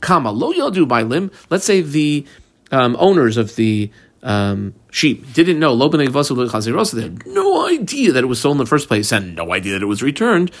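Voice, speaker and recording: A man leads a text study lesson in an everyday, chatty tone, walking through each opinion one at a time. His voice sits at a middle pitch with a gravelly edge. He reads quoted lines aloud and tells listeners which words to underline. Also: very animated, normal speed. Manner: explains step by step, reading text aloud and marking it up; mixes casual chat with quoted Aramaic terms. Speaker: Talmud teacher. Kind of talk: daily page study lesson.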